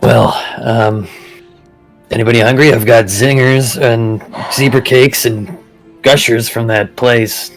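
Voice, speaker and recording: A man's voice: medium pitch, fairly even intonation, takes it slowly, soft background music, rough recording. A man playing a tabletop role-playing game, talking in a wry, joking way. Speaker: player. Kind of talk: casual tabletop game play.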